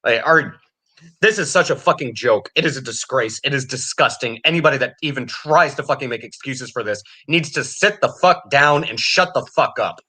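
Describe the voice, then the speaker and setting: A man's voice: medium pitch, moderate pace, sharp tone, breathy edge. A man ranting angrily and sarcastically about politics, swearing constantly. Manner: angry, profane, sarcastic ranting. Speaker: podcast co-host.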